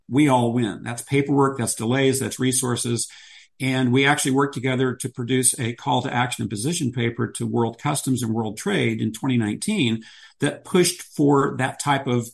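A man who is a podcast guest, explaining ideas at length and returning to his key phrases. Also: mid-range voice. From United States. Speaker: guest, business strategist. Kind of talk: podcast interview.

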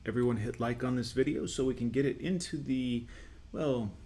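A man's voice: medium pitch, fairly even intonation, moderate pace, mellow. A man hosting a commentary show, reacting to clips in a lecturing, scornful way. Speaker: host.

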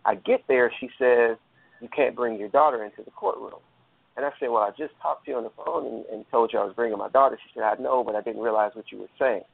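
A man's voice: medium pitch, fast, gravelly, slightly rough. A man earnestly telling a long personal story, rambling with fillers and restarts, over a phone line. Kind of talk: casual storytelling.

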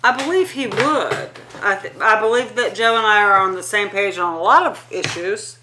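A woman's voice: medium pitch, normal speed, bright, forceful tone, a little hiss or hum. A woman co-hosting a podcast from her dining room, opinionated and playfully argumentative, swearing freely in casual chat. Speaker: podcast co-host.

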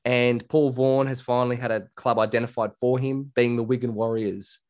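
An Australian man co-hosting a casual podcast chat, telling stories in a chatty, animated way. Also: medium pitch, fairly quick. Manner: chatty, animated storytelling with quoted voices. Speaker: podcast co-host.

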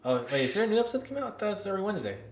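A man co-hosting a casual podcast, bantering quickly with laughter and swearing. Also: high-pitched, sing-song. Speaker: podcast co-host. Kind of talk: casual chat.

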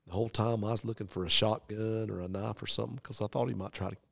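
A man's voice: fairly low pitch, steady tone, fast talker, creaky, no room sound, clean studio sound. A middle-aged preacher, telling a story from his own life in an earnest, folksy way. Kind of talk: dramatic storytelling testimony.

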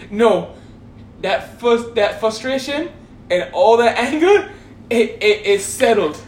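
High-voiced man telling a laughing story. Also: slow pace, roomy sound, a little hiss or hum. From Hawaii. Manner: animated, laughing through his words. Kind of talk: casual comic storytelling.

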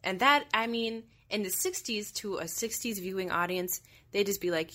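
A woman's voice: mid-range voice, moderate pace, bright, forceful tone. A woman hosting a casual film discussion, wry and joking, acting out quotes as she explains. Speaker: podcast host.

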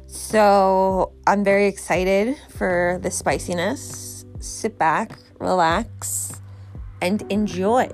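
A woman hosting her own video, excitedly introducing a guest and wrapping up with advice. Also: medium pitch. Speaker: vlog host. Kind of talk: casual chat.

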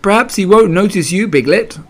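A man doing a gentle, musing storybook bear. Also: a little high, very animated, moderate pace. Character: kindly, simple-minded male bear, slow and musing.

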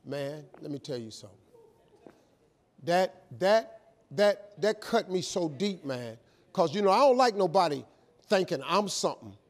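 A man telling a motivational life story, animated and emphatic, acting out both sides of phone calls. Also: high voice, unhurried.

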